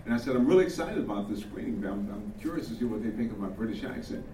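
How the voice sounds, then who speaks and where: A man's voice: fairly low pitch, animated, quick pace, background noise. An older male actor telling chatty stories at a panel Q&A, chuckling often. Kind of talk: panel Q&A storytelling. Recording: echoey room, distant mic, faint ambience.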